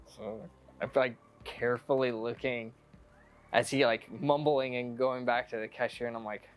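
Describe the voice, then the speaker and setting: A man's voice: medium pitch, steady tone, a little fast, faint music behind. A man telling a story in an interview, swearing freely and acting out the voices of the people in it. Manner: profane, acts out voices in anecdote. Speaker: interviewee, tape collector. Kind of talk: animated storytelling.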